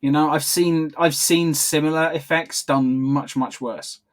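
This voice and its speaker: Speaking unhurriedly in a steady, higher-than-average voice, a male podcast co-host keeps the commentary casual on a video call. He laughs often and keeps breaking off to fix what he just said.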